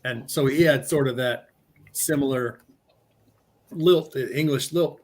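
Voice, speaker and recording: A man's voice: medium pitch, a little slow. A man in casual chat with friends, dropping dry teasing quips.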